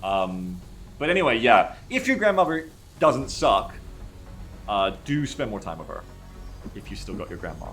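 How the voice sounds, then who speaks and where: A man's voice: on the low side, very animated, normal speed, pauses often, fairly bright tone, faint music behind. A man streaming live and chatting casually. He reads chat aloud, rambles, and swears freely.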